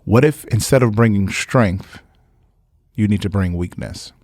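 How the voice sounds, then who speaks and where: A man's voice: on the low side, measured pace, a little mellow, no room sound, clean studio sound. A man pastor delivering an emphatic podcast sermon, repeating phrases and breaking into casual asides. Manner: emphatic, repetitive, preacherly with conversational asides.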